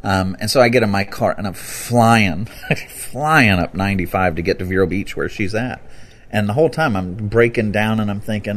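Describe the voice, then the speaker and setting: A man explaining scripture in a relaxed, conversational way, bursting into loud, lively emphasis when he quotes it. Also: on the low side, moderate pace, slight background noise. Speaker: Bible teacher. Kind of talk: conversational teaching talk.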